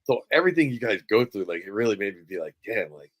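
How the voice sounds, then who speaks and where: A fairly low-voiced man chats casually on a podcast. He talks bluntly and candidly, with casual swearing. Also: big pitch swings, rapid-fire, poor audio. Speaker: podcast co-host. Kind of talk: casual chat.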